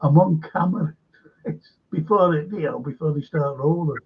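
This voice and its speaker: A man with a high, husky voice spins a rambling anecdote and throws himself into the quoted dialogue. The sound is dull and lo-fi. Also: normal speed. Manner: rambling storyteller, acts out quotes animatedly. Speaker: show co-host. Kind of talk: casual anecdotal chat.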